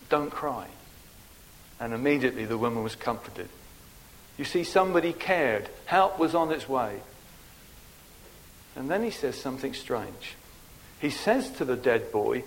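An older man from England gives a funeral sermon in a gentle, deliberate preaching manner, letting his voice drop softly on key words. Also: on the high side, rough recording. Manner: slow, gentle, deliberate preaching with soft drops in volume. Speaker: minister at a funeral.

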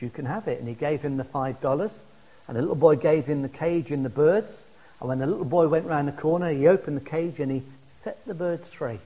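A man preaching a sermon, swinging between loud declarations and hushed appeals and slowing down to stress key words. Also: fairly high pitch.

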